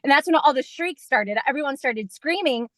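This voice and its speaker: A woman guest telling an excited, rambling story in an interview, full of fillers. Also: high-pitched, normal speed, no room sound. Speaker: guest fan.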